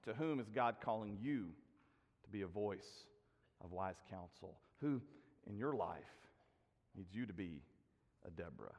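A man preaching a sermon, telling stories and letting his phrases sink to a hush. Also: lowish voice, expressive, measured pace, long pauses, in a large hall, dull audio. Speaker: pastor.

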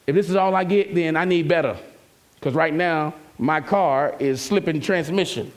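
A man's voice: fairly high pitch, moderate pace. A man preaching an emphatic, conversational sermon as a pastor and calling out to his congregation.

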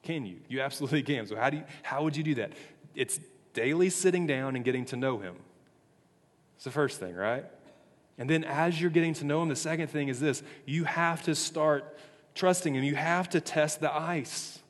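A youth pastor with a drawl, his voice sitting a little high for a man, talks to teenagers in a loose, conversational way. He peppers his lines with "like" and swings from quiet intensity to emphatic bursts. The sound carries the long reverb of a church hall. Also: normal speed. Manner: conversational, frequent "like" fillers, swings between hushed and emphatic. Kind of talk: casual youth sermon.

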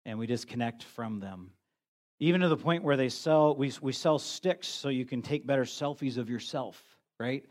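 A man's voice: mid-range voice, moderate pace. A middle-aged man, a pastor, preaching a sermon in a conversational, self-deprecating way, often restarting his sentences.

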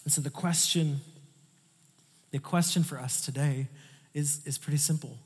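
Young pastor preaching in a reverberant hall. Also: male voice, on the high side, moderate pace, breathy edge. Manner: conversational, animated, drops to hushed tones for tender lines. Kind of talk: sermon.

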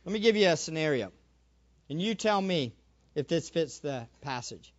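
A male preacher giving a sermon, animated, acting out little scenes and repeating phrases for emphasis. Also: on the high side, moderate pace, highs cut off.

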